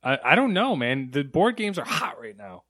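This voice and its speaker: A man's voice: a little high, very animated, moderate pace, a bit bright, dry recording, clean studio sound. A young man co-hosting a gaming news podcast, laid-back and playing along with his co-host's jokes. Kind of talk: casual chat.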